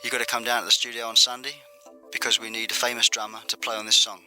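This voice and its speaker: A man's voice: mid-range voice, little pitch movement, fast talker, sharp tone, faint music behind. A man from England being interviewed, telling chatty stories and acting out quoted dialogue. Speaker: musician interviewee. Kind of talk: anecdotal interview recollection.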